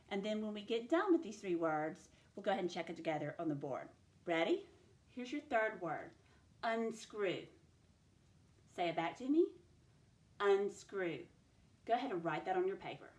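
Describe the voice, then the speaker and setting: A woman teacher giving a recorded spelling dictation lesson, slowly sounding out each letter and sound. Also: mid-range voice, lively intonation. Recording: echoey room.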